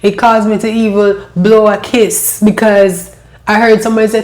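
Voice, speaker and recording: A woman telling her own life story, emotional and halting, often repeating her phrases. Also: mid-range voice, level tone, darkish tone. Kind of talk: personal storytelling.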